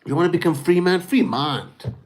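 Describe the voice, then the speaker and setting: A man's voice: fairly high pitch, normal speed. A man talking straight to his livestream in a casual, rambling rant, swearing freely and calling the listener "dude" and "bro". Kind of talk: casual ranting monologue.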